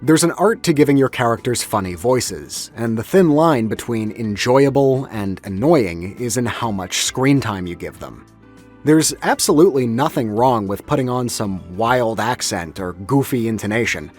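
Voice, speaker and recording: A man narrates a scripted video essay with a wry, analytical bent. His mid-range voice has lively intonation at normal speed, with faint music behind him.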